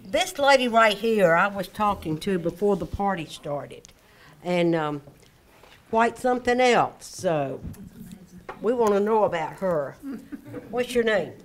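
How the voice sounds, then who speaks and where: A woman's voice: medium pitch, animated, unhurried, slight background noise. A woman hosting a community birthday party, chatting casually and teasing her guests. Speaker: party host. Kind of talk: casual emcee talk.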